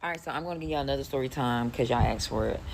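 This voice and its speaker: A woman's voice: extremely low pitch, rapid-fire, creaky, slight background noise, poor audio. A woman in her forties from Philadelphia, telling a casual storytime with lots of swearing. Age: 40s. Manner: animated, profane, rambling.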